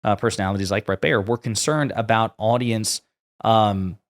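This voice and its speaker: A man's voice: lowish voice, moderate pace. A man hosting online political commentary, reading quotes aloud and adding blunt sarcastic asides.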